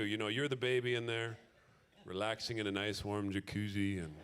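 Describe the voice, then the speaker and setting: A man doing a stand-up comedy set on stage, animated and leaping into loud, high acted voices. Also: fairly quick, a little hiss or hum. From Minnesota. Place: stage before a live audience.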